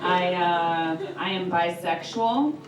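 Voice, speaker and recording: A woman's voice: fairly low pitch, slow, far from the mic. A woman performing a stand-up comedy set in a small club, telling crude, brash jokes that build to punchlines. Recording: echoey club room, mic set back, crowd laughter. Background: audience laughing.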